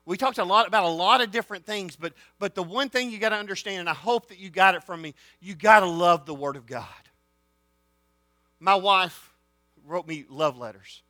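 A man preaching to students, rising to shouted excitement. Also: high voice, moderate pace, dry recording, studio quality, soft background music. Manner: folksy, builds to shouted excitement. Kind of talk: sermon storytelling.

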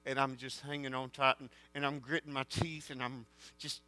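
A man preaching a sermon, swinging between loud declarations and hushed storytelling. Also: medium pitch, little pitch movement, normal speed. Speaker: pastor.

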